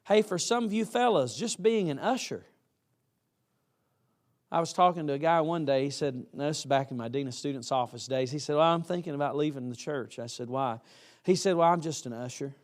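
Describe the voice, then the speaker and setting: Casting: man, preacher, folksy and emphatic, slightly higher voice. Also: a little fast. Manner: folksy, emphatic, acts out quoted students. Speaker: college preacher. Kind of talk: chapel sermon.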